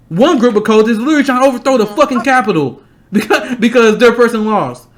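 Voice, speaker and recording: A young man hosting a political stream, angry and blunt, ranting fast and swearing often. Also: extremely high pitch. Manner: fast, repeating himself to stress points. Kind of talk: heated political commentary.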